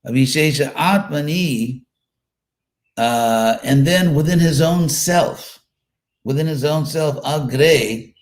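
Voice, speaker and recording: A man giving a live scripture class, explaining words one by one in a relaxed, thinking-aloud way with fillers and repeated phrases. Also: a little high, slow pace. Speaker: Sanskrit scripture teacher.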